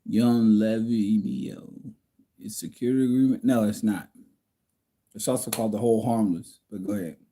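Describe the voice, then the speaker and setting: Low mellow dude on a home livestream, blunt and preachy, answering chat. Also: male voice, fairly even intonation, normal speed. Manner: blunt, preachy, reads out viewer comments. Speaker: livestream host answering viewer questions.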